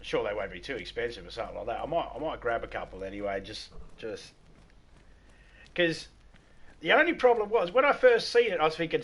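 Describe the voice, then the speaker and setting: An Australian man chatting through a gaming livestream in a mid-pitched, everyday voice. He rambles and stumbles over repeated words. He laughs at his own stories. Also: sing-song, a little fast, a bit bright. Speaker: livestream host. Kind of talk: casual gaming livestream chat.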